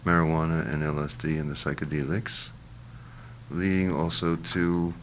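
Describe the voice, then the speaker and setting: An older man being interviewed, answering in a halting, reflective way with many fillers and restarts. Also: very deep voice, steady tone, a little hiss or hum.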